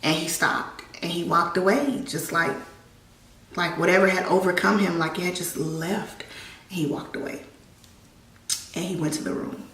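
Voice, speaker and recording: A young woman telling a personal story on her vlog, halting and emotional with many restarts, holding back tears. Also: fairly low pitch, fairly bright tone, distant mic, a little hiss or hum. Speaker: vlogger. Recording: echoey room, voice a bit off-mic.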